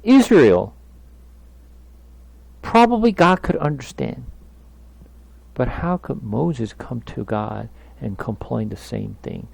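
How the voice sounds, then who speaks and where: Male Bible study teacher, emphatic and questioning, unhurried delivery with lively pitch. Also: vocal fry, slightly rough, no echo. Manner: emphatic, asks the listeners questions.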